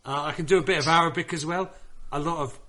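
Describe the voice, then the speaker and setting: A man's voice: fairly high pitch, quick pace, pushed and bright. A man on a gaming podcast chatting casually, telling rambling, sweary stories full of restarts. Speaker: podcast panelist. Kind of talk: casual chat.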